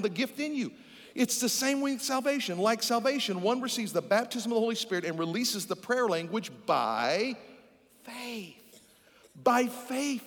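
A man preaching a sermon as pastor, lively and theatrical, acting out little scenes and chants. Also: very high voice. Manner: animated preaching, acts out voices and repeated chants. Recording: church hall reverb.

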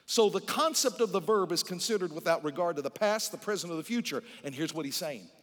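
A male pastor preaching a fervent sermon to his church, talking straight to the congregation and swinging between hushed and loud. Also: high-pitched, expressive, fast. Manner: addresses the congregation directly. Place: church sanctuary. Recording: long church-hall reverb.

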